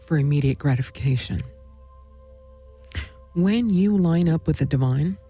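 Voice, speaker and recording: A woman's voice: low-pitched, expressive, a little slow, dark tone, breathy edge, faint music behind. A woman hosting a spiritual talk show, speaking in a meandering monologue full of "you know" and "right?". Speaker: host.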